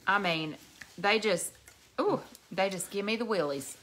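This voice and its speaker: Slow, drawling woman. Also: medium pitch, crowd noise. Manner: slow, drawling storyteller, laughs often. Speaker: co-host, mother. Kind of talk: casual chat on a live stream.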